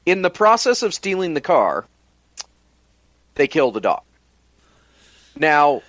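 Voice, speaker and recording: A man's voice: fairly high pitch, a bit bright, no room sound. A man co-hosting a casual podcast, retelling a film plot step by step and drawing words out for emphasis. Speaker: podcast co-host.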